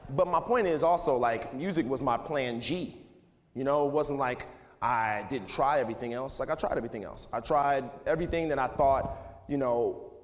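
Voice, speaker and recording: A man's voice: medium pitch, moderate pace. A man in his thirties gives a casual motivational talk to students in a school auditorium, rambling loosely and filling his speech with "like" and "you know". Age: 30s. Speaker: speaker addressing students. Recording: echoey hall with faint noise.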